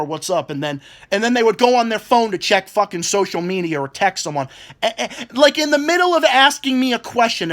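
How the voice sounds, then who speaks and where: A young man in his twenties rants about work, his fairly high voice swinging widely up and down. He swears nonstop, stumbles over repeated words and acts out other people in quoted bits. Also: fairly bright tone. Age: 20s. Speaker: vlogger. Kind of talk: angry rant.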